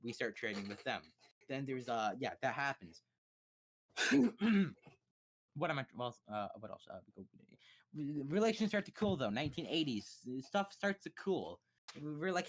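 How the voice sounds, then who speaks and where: A man's voice: a little high, sing-song. Give me a profane, jokey young man on a live stream, rambling through a casual history rant. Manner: rambling, profane, jokey, with quick mock voices for historical figures.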